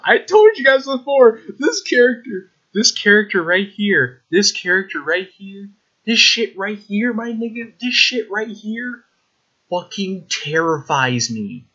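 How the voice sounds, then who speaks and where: A man hosting a let's play, reading a visual novel aloud with excitable, swearing reactions. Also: sits high, unhurried. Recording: slightly dull with game music.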